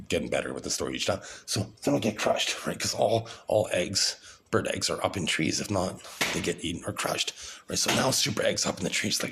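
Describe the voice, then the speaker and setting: Deep-voiced man rambling on a vlog. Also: expressive, brisk, creaky, background noise. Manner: grandiose, rambling, repeats and restarts often.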